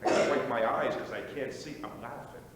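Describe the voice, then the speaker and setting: A man's voice: medium pitch, brisk, close to an everyday voice. A man on stage playing a restless, boastful middle-aged former athlete, rambling and swaggering, prodding his listeners with "right?" and "boy", recorded live in a small theater. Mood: manic boasting. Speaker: stage actor. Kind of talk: live stage play acting. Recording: echoey theater stage, distant mic, noisy.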